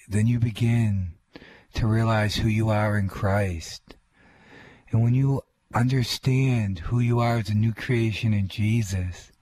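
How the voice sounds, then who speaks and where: Slow, low-voiced radio ministry co-host. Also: male voice, a little mellow. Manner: earnest, reflective, with frequent restarts. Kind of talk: sermon commentary.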